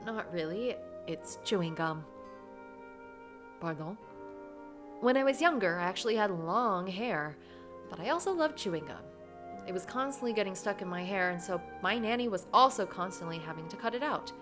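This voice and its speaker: A woman reading the first-person lines of a frank, witty young heroine in a visual novel, in an even storytelling manner. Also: medium pitch, normal speed, music in the background, lightly acted.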